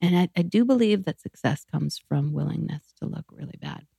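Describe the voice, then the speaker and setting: A woman near forty talks as a podcast guest, her lowish voice carrying a gravelly fry. She tells stories frankly and swears freely. The sound is dry and close. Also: animated, a little fast, dark tone, no echo. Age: late 30s. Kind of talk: candid storytelling conversation. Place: podcast studio.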